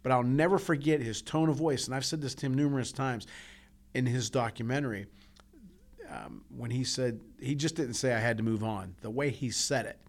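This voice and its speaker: A man's voice: mid-range voice, moderate pace. An earnest man co-hosting a podcast, telling personal stories from the heart. His talk is casual and full of restarts and repeats. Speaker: podcast co-host.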